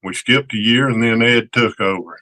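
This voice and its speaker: A man from Georgia with a Southern accent, co-hosting a casual livestream and greeting viewers by name in a slow drawl. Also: medium pitch, bright, forceful tone, dry recording. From Georgia, USA. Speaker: co-host of a relics livestream. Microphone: desk mic, typing nearby.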